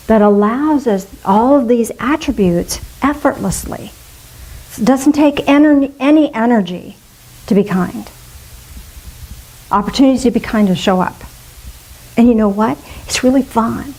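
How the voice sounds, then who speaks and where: A middle-aged woman leading a spiritual fellowship, preaching in a chatty, playful way and slipping into soft gushing voices now and then. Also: a little high, unhurried, rough recording. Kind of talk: casual sermon.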